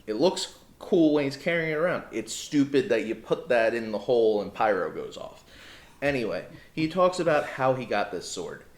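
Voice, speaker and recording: A man's voice: medium pitch, lively intonation, normal speed, roomy sound. A man co-hosting a podcast, recapping a wrestling show in blunt, sarcastic casual chat. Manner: sarcastic, blunt storyteller, swears. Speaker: podcast co-host.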